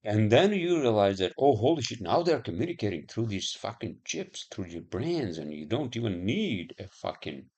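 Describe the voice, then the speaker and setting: A man's voice: lowish voice, big pitch swings, normal speed, few pauses, darkish tone. A man rambling in a casual monologue, swearing often and musing aloud with lots of fillers.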